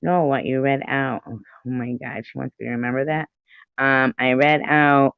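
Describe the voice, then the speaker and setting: A woman's voice: very deep voice, normal speed, clear, resonant tone, no echo. A middle-aged woman hosting a casual livestream, reading chat messages aloud, giggling often and swearing freely. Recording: dull lo-fi home stream audio.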